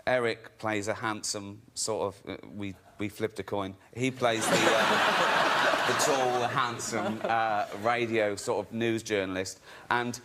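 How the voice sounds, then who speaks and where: A man's voice: fairly even intonation, slow. Man, stammering, giggly, chat show guest, faint noise behind. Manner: stammering, giggly, breaks into high laughter. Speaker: guest, comedian and director.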